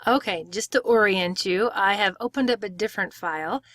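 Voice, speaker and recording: Woman, pronunciation teacher, tutorial, clear step-by-step explaining, mid pitch, dry sound. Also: brisk, a bit bright, dry recording. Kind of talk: screen-share tutorial.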